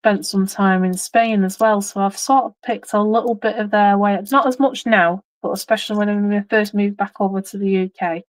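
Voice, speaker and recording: A woman in her thirties from England, with a mixed regional English accent, chats casually on a live stream in a medium-pitched, steady voice at normal speed. She rambles with many ums and restarts but few pauses, and the recording is rough with no echo.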